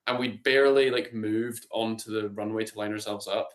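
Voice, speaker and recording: A man's voice: fairly low pitch, fairly even intonation, a little fast. A man with a Scottish accent, a band member guest, telling a funny story in an amused way. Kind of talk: casual anecdote.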